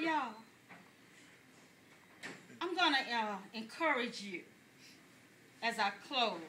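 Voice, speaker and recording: A man's voice: very high voice, pushed and bright, slight background noise, full character voice. A man playing a chatty older woman pastor, telling folksy jokes to a congregation and laughing along with them. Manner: folksy storytelling, laughs at own jokes, addresses congregation as y'all. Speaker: pastor giving a message. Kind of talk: stand-up comedy sermon.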